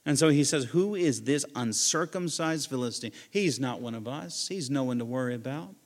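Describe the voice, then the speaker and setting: A man's voice: mid-range voice, animated, moderate pace. Preaching man in a reverberant hall. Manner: dynamic preaching, swings between loud emphasis and quiet asides. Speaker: pastor. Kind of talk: sermon.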